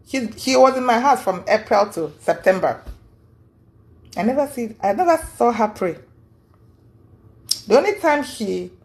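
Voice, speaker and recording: A woman's voice: medium pitch, darkish tone. Woman telling a rambling personal story. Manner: rambling, repeats and restarts words while recounting events. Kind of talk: casual storytelling monologue. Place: lives in the United States.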